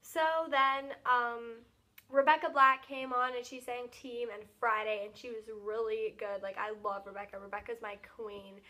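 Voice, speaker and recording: A teenage girl vlogger excitedly recapping her day, talking fast and filling every pause with "like". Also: fairly high pitch. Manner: gushing, fast, filler-heavy with lots of "like".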